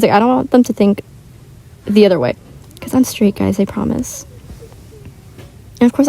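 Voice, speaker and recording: A woman's voice: medium pitch, gravelly, mellow, rough recording. A teenage girl chatting casually while gaming, rambling with lots of filler words, recorded on earbuds in a shared bedroom. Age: teens. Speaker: gaming vlogger. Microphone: wireless earbuds.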